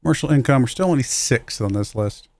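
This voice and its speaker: A man's voice: mid-range voice, expressive, a little fast, darkish tone, dry recording. A man casually commenting while he plays a football management game on a livestream, thinking aloud and chuckling at his own slips. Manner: musing aloud, self-deprecating, chuckles at own mistakes.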